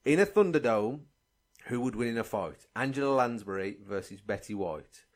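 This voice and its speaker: A man with an average-pitched voice hosts a comedy podcast. He briskly sets up rounds of a silly game and teases his co-hosts. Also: expressive. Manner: brisk, playful game-show prompting. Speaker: podcast host running a game. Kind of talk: casual comedy chat.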